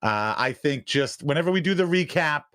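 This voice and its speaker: A man co-hosting a sports podcast, complaining in a drawn-out, exasperated way during casual banter. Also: on the high side, lively intonation, a bit bright, clean tone. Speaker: podcast co-host.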